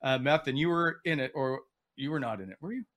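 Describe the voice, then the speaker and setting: A man's voice: medium pitch, fairly bright tone. A man co-hosting a casual sports talk show, eagerly pushing his point in a back-and-forth argument. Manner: eager, quick to argue a point. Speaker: co-host. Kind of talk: casual chat.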